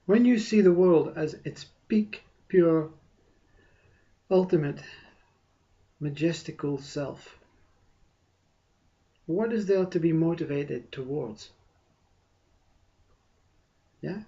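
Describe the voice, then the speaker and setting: A man giving a meditative spiritual talk, soft and unhurried, with long pauses and a repeated "you see". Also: on the high side, dull audio. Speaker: spiritual teacher.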